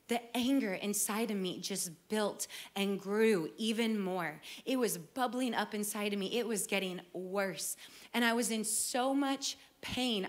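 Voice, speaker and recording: A middle-aged woman giving an earnest, emotional personal testimony as a worship singer. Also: a little high. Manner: earnest storytelling, emotional, with repeated phrases.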